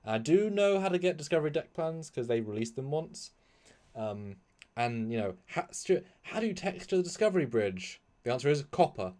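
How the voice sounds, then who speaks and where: A man's voice: fairly high pitch, moderate pace. A man chatting casually as a guest on a live stream about his fan films, rambling with frequent laughs and restarts. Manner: rambling, animated, laughs often.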